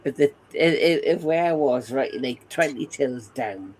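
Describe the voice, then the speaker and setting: A Geordie man in his forties from England chats casually on a podcast, spinning rambling anecdotes and laughing often. His voice is medium-pitched and a little mellow, at a normal speed with hardly any pauses. The recording is rough, with a little hiss or hum.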